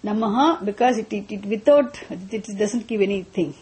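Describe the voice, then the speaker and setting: A woman teaches a class on mantras in a mellow, dark-toned voice. She explains step by step, often repeating herself, and slows into chanting. Her pitch sits in an ordinary middle range. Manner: patient, repeats and restarts, chants slowly.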